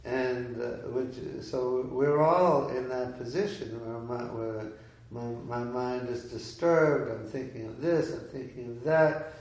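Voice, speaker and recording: Halting man telling a story in an echoey room. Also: medium pitch, steady tone, darkish tone. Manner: halting, full of restarts and fillers. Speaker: speaker at a devotional gathering. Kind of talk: informal storytelling talk. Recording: echoey room, far from the mic, dull sound.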